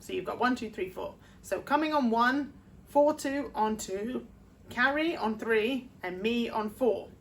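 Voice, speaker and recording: A woman, a vocal coach explaining sheet-music rhythm step by step and singing short phrases to demonstrate. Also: fairly high pitch. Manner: explains slowly, sings short demo phrases. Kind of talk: music theory lesson.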